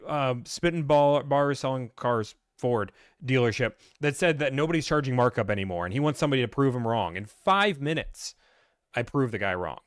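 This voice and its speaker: A man's voice: medium pitch, dry recording. Guy ranting on a q&a stream, blunt, does little salesman voices, dry close sound. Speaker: host answering viewer questions. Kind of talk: casual livestream Q&A.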